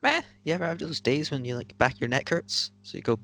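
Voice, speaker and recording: Man, sarcastic, teasing, lively pitch, casual chat co-host. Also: a little fast, vocal fry. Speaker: podcast co-host.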